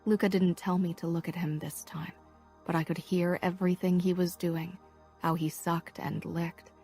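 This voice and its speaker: Romance audiobook narrator: woman, husky and low, soft half-whispered delivery.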